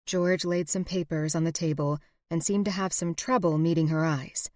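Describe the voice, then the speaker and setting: A woman narrating a historical romance audiobook in a steady, expressive reading. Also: fairly low pitch, normal speed, dry recording, studio quality. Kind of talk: scripted narration.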